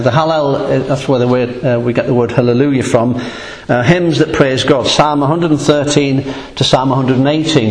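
A man preaching a sermon to his congregation in a conversational, emphatic teaching manner. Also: a little high. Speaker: pastor. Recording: echoey hall with long reverb.

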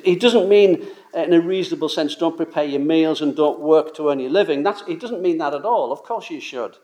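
A man's voice: a little high, a little mellow. A man preaching a sermon in a conversational, emphatic way, full of rhetorical questions and casual asides.

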